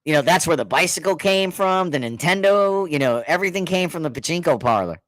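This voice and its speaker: A middle-aged man telling a story in casual chat, animated, laughing often and acting out what others said. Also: a little high, brisk, no echo. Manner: animated, laughing, repeats words, acts out quotes.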